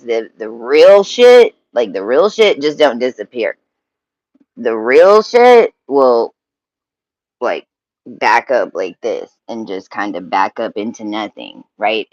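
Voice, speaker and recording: A man with a drawl unspools a long personal story at a slow, dragging pace. He talks in halting bursts, swears casually and keeps restarting his sentences. The voice sits at an ordinary pitch in a dry, close-up recording. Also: fairly bright tone, no echo, rough recording. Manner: emotional, halting, swears freely, many restarts. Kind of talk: rambling personal monologue.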